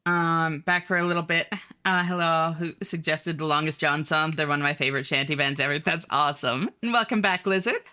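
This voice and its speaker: A woman streamer talks casually to her chat in a low voice with a bright, forceful edge. She reads messages aloud and answers them loosely, with plenty of fillers. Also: steady tone, fairly quick.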